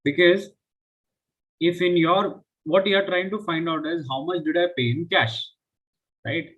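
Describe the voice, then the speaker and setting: A man's voice: fairly high pitch, steady tone, unhurried, fairly bright tone, poor audio. A man teaching a live online finance class, explaining step by step and often checking with "right?". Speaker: finance instructor.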